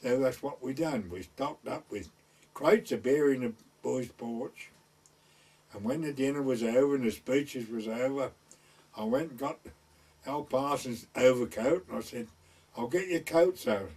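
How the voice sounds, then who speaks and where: A man's voice: medium pitch, a little slow, darkish tone, breathy edge, far from the mic. Older man with a North Essex/West Suffolk accent. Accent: North Essex / West Suffolk border dialect. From East Anglia, England. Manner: rambling anecdotal telling, voices the people he quotes. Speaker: village storyteller. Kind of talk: recorded oral-history storytelling.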